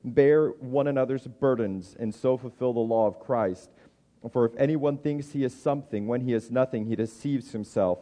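Middle-aged male pastor, conversational sermon delivery, mid-pitched voice, stumbles and repeats words. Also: moderate pace, dark tone. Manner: acts out inner voices in a higher pitch.

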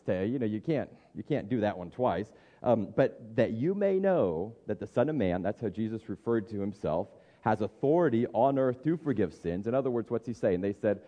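A man's voice: fairly low pitch, expressive, moderate pace, warm tone, big-room sound, muffled recording. A man in his thirties preaching a conversational sermon as a pastor, thinking aloud with frequent restarts.

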